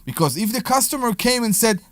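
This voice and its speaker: A man co-hosting a radio money show, speaking thoughtfully and halting over his words. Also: very high voice, sing-song, a bit bright, dry recording. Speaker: radio co-host. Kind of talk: casual talk radio chat.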